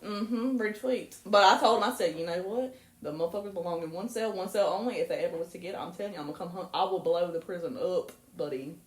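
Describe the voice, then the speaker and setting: A young woman, co-hosting a podcast and telling stories in a casual chat, swearing freely and breaking into high laughter. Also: fast. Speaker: podcast co-host. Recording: roomy echo.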